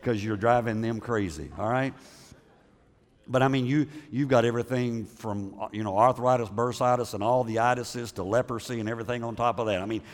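A man's voice: mid-range voice, steady tone, brisk, long reverb tail. A man preaching a sermon in a conversational way, often repeating words and putting questions to the congregation. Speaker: pastor.

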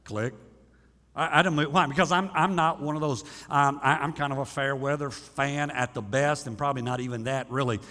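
A man delivers a folksy, conversational sermon as pastor, restarting his phrases as he goes. His voice sits at an ordinary middle pitch. The sound carries the long reverb of a church sanctuary. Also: steady tone, fairly quick, few pauses, pushed and bright.

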